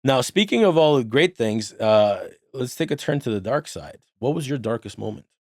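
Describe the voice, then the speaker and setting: A man asks interview questions and reacts briefly to the guest's stories. His voice is mid-pitched. The sound is dry and close. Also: expressive, moderate pace, no room sound.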